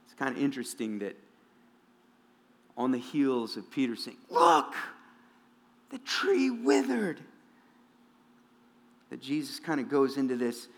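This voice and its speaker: A man preaching a sermon as pastor, swinging from quiet, low asides to loud, emphatic peaks. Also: fairly even intonation, normal speed, long pauses. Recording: long reverb of a large hall.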